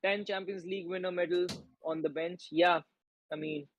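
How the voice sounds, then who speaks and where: A man's voice: sits high, fairly even intonation, moderate pace, no echo, lo-fi sound. Young Indian man chatting on a stream. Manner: chatty, reads out chat messages. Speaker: co-host of a football watchalong. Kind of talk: casual live-stream chat.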